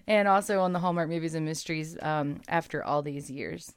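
A woman's voice: sits low, brisk, smooth, no room sound. A woman co-hosting a podcast, chatting casually about a movie and rattling off an actor's credits. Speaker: podcast co-host.

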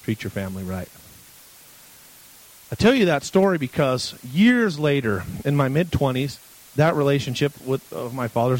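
A man's voice: mid-range voice, darkish tone, low-quality recording. A man in his forties giving a sermon as a guest preacher, telling a personal story in a candid, conversational way. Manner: candid, conversational, restarts when emotional.

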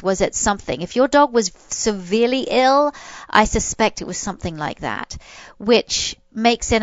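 A woman's voice: mid-range voice, no room sound, dull audio. A woman hosting a podcast, giving dog-training advice in a reassuring, loose manner, often restarting her sentences.

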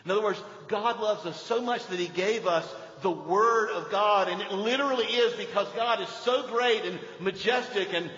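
An older man preaching a sermon, swinging between emphatic lines and hushed ones. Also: sits high, moderate pace, few pauses. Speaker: pastor. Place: church sanctuary. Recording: dull echoey church hall recording.

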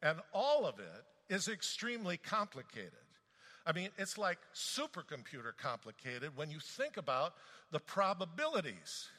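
A man preaching a sermon in an animated, conversational way, reading scripture aloud and commenting on it. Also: on the high side, normal speed. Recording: long reverb of a large hall.

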